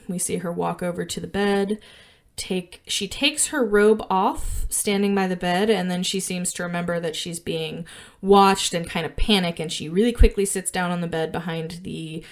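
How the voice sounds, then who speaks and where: A woman co-hosting a podcast, casually walking through a film scene, with fillers and small laughs. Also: fairly low pitch. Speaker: podcast co-host.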